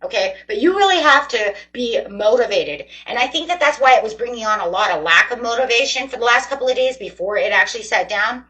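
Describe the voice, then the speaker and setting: A woman's voice: fairly high pitch, expressive, fairly quick, few pauses, bright, forceful tone, low-quality recording. A woman giving a casual tarot reading to her viewers, chatty, rambling and encouraging. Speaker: tarot reader.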